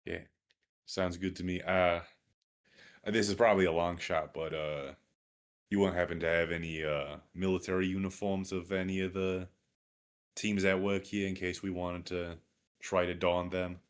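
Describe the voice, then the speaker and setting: A man's voice: low-pitched, little pitch movement, normal speed. A man playing in a tabletop game, talking in character with many uhs and repeated starts. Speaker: player.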